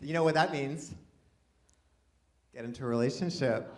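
A man with a somewhat high voice works through a stand-up set in a chatty, self-deprecating way, tossing playful asides to the crowd. The recording carries clear background noise and clicks. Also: very animated, normal speed, pauses often. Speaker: stand-up comedian. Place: live comedy venue with an audience.

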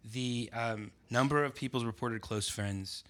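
Casting: man, bright forceful tone, hesitant and full of fillers, relaxed chat. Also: medium pitch. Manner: halting, many fillers and restarts. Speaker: podcast guest, essayist. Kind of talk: casual conversation.

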